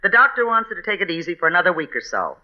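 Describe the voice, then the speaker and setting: A woman playing a droll, flirty, deep-voiced woman in a 1940s radio comedy. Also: very animated, racing. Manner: dry, drawling delivery. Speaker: guest actress. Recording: dull old radio broadcast.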